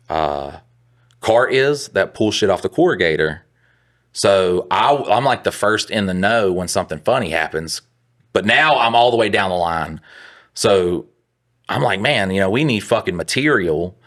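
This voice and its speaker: A man's voice: sits low, a bit bright. A young adult man co-hosting a podcast, rambling through a profane work story in casual chat. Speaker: podcast co-host.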